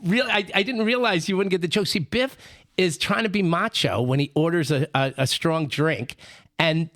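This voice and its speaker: A man's voice: on the high side, normal speed, a bit bright, no echo. A man co-hosting a podcast, telling rambling, self-amused jokes in casual banter. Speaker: podcast co-host, joke teller.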